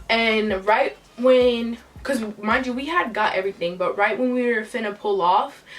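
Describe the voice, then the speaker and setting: A woman's voice: medium pitch, a bit bright, far from the mic. A young woman telling a storytime vlog in a casual, profane, emotional way. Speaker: vlogger. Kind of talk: storytime retelling.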